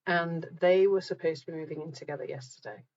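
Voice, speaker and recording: A woman's voice: low voice, fast talker, darkish tone, dull audio. A middle-aged woman hosting a live group talk, chatting casually with viewers, reading out their comments and laughing at herself.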